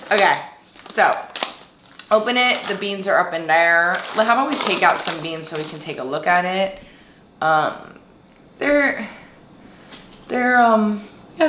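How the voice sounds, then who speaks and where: A woman's voice: lowish voice, bright, forceful tone, roomy sound, a little hiss or hum. A young woman from Brooklyn, New York, reviewing coffee in a casual, rambling vlog and teasing herself now and then. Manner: rambling and self-teasing, with sing-song greetings. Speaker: vlogger reviewing food and coffee.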